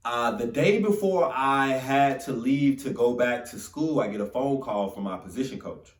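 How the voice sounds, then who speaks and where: A man's voice: mid-range voice, moderate pace, hardly any pauses. Young man telling a motivational story. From Florida. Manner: animated, casual and conversational. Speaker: motivational speaker. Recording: roomy sound from a distant mic.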